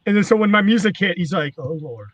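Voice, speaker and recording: A man's voice: high-pitched, quick pace, fairly bright tone. A man, a former wrestling manager, telling rambling, profane stories in casual chat. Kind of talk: casual storytelling.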